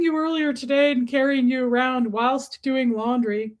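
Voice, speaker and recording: A woman's voice: high voice, fairly even intonation, moderate pace. A woman hosting a casual livestream, chatting and greeting viewers by name in an affectionate way. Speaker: livestream host.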